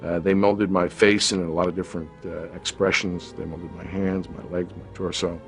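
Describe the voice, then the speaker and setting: A man in his fifties, an actor telling a reflective, unhurried anecdote from a film shoot in an interview. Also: sits low, flat delivery, faint music behind.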